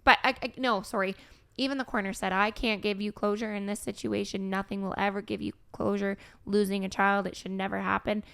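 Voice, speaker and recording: A young woman hosting a podcast, talking candidly and emotionally, with halting restarts and some swearing. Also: mid-range voice, level tone, vocal fry, a bit bright, clear, resonant tone. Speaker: podcast host, grieving mother. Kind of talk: candid conversation.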